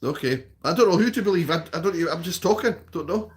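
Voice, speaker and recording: A man's voice: sits high, animated, fast talker. A Scottish man chatting casually on a live stream, reading out viewer comments and answering them. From Scotland.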